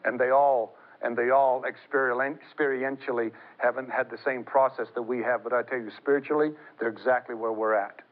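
A middle-aged man preaching a sermon, telling stories in an animated way that climbs high as he gets excited. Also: fairly quick, hardly any pauses. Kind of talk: sermon with storytelling. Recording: tinny phone-like broadcast sound.

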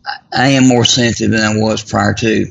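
A grieving man, a recent widower, talking reflectively as a guest, often halting and restarting. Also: lowish voice, fairly even intonation, gravelly, lo-fi sound, slight background noise. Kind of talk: casual conversation.

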